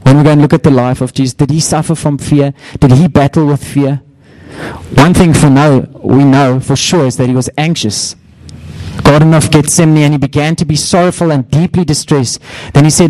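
Middle-aged male pastor, warm dark tone, dry close sound, lively storyteller. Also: brisk, no echo, low-quality recording. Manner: storytelling, acts out quotes with raised pitch. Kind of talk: sermon.

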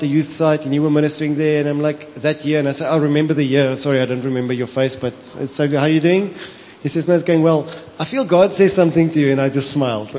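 A pastor with a South African accent, preaching a sermon, telling stories with animation, slipping into Afrikaans and laughing often. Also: male voice, a little high, a little mellow, a little hiss or hum. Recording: long hall reverb with faint ambience.

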